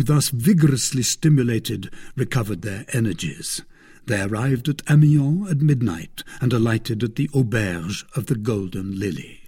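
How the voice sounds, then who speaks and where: A man narrating a classic adventure novel in a steady, even reading voice. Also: medium pitch, slightly rough. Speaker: audiobook narrator. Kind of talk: scripted narration.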